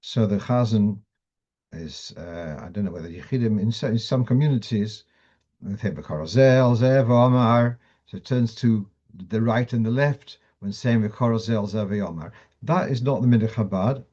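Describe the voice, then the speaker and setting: A man's voice: on the low side, moderate pace, mellow, lo-fi sound. A man teaching a class on Jewish law, explaining step by step with restarts and fillers, mixing Hebrew and Yiddish terms into English. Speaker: Torah teacher.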